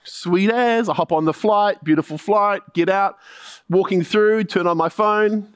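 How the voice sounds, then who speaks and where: A man with a New Zealand accent preaching a sermon in a slightly higher voice. He tells stories with a running refrain and presses his listeners with searching questions. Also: a little slow, clean tone. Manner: storytelling with repeated punchlines, then probing rhetorical questions.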